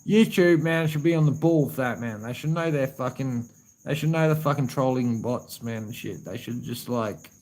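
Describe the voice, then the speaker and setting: Australian live-streamer, a man in the middle pitch range, loose and profane, addresses chat as brother. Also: normal speed, darkish tone, low-quality recording. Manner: profane, rambling, calls viewers man and brother.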